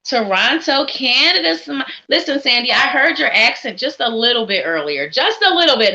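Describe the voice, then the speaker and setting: A woman's voice: high voice, very animated, normal speed, few pauses, pushed and bright, lo-fi sound. A woman hosting a live psychic reading stream, talking in an upbeat, encouraging, chatty way. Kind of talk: casual live-stream chat.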